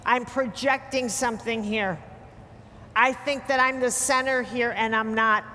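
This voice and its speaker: A woman's voice: a little high, fairly even intonation, a little slow, sharp tone, slight background noise. A woman giving a blunt, emphatic talk to a live audience, teasing her listeners as she lectures. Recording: hall reverb with faint ambience.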